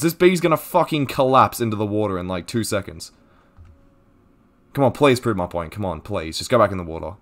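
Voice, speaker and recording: A teenage boy streaming a game live, ranting loudly and swearing freely. His pitch swings up and down constantly as he gets worked up, and his normal pitch sits right in the middle for a guy. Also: fairly quick. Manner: loud, profane, ranting and excitable. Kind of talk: live gaming stream commentary.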